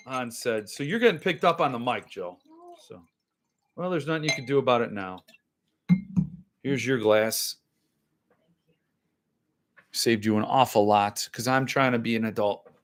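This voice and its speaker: A man's voice: mid-range voice, a bit bright. A man hosting a podcast, rambling in loose, joking casual chat while he opens and drinks wine. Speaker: podcast host.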